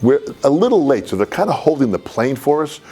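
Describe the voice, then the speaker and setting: Guy telling a funny travel story, animated, mid-pitched voice. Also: fairly quick, breathy edge, faint music behind. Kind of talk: personal anecdote.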